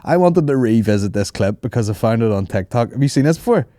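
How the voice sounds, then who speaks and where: A man's voice: medium pitch, fast, no echo, studio quality. A man hosting a podcast, telling stories casually with plenty of swearing and laughter. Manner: swearing, laughing, animated storytelling. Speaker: podcast host.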